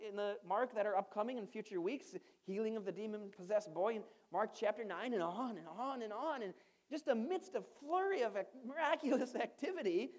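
A man's voice: high-pitched, darkish tone. A male pastor giving a sermon in a conversational style, asking the congregation rhetorical questions and adding playful asides.

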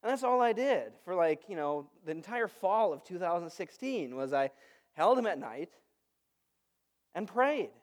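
A man in his thirties, a pastor giving a sermon in a relaxed, conversational storytelling way. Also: sits high, measured pace. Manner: conversational, storytelling with lively asides.

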